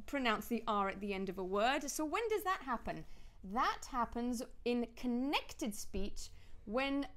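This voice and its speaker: Woman with a Southern British accent teaching. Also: a little high. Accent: Southern British English. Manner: clear, explanatory, demonstrating sounds. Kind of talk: scripted lesson dialogue.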